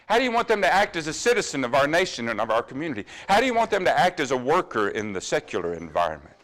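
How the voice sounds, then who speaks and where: A man preaching a sermon in a church, earnestly putting question after question to the congregation and dropping to quiet asides now and then. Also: on the high side, huge pitch swings, very fast. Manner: drops to quiet asides about running over time.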